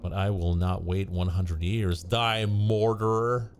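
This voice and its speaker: A man's voice: low-pitched, little pitch movement, slow, a little hiss or hum, pitched below the performer's own voice. A man voicing a grim, threatening woodcutter in a game, speaking in an old-fashioned way. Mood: menacing.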